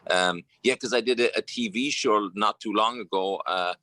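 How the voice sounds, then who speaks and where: Bright-toned Irish man telling stories. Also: on the low side, moderate pace, no echo. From Ireland. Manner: anecdotal, relaxed storytelling with frequent fillers. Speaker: actor guest. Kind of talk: casual interview chat.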